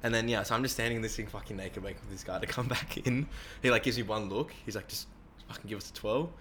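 Young aussie guy talking fast, kinda low voice, swears a lot, bit of background hiss. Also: sharp tone. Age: young adult. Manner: fast, rambling, acts out quoted voices. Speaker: interviewee. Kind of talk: casual storytelling with heavy swearing.

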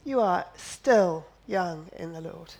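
A woman's voice: on the low side, expressive, slow, a little mellow, rough recording. A woman preaching a sermon, emphatic and repetitive, firing off rhetorical questions and slipping in playful jokes. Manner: drops in playful asides and jokes.

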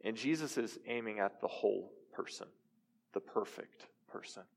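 A man's voice: fairly low pitch, moderate pace, vocal fry. A young adult man preaching a sermon in a conversational style, asking his listeners questions. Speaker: pastor. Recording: reverberant hall.

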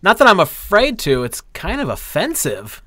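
A man's voice: high voice, wildly swooping pitch, normal speed, sharp tone, dry recording, studio quality. A man speaking bluntly in a casual live-stream chat, often sighing.

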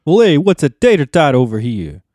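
A man's voice: on the high side, wildly swooping pitch, moderate pace, a little mellow, no room sound, clean studio sound. A man putting on an attempted East Coast accent to play a boisterous man raving about a meal. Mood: delighted. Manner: boisterous, exaggerated.

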